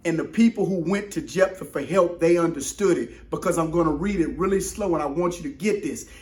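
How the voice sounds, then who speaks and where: High-voiced, emphatic male preacher. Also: normal speed, roomy sound. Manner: emphatic, repeats lines for emphasis, swings from shouting to hushed. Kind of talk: sermon-style motivational talk.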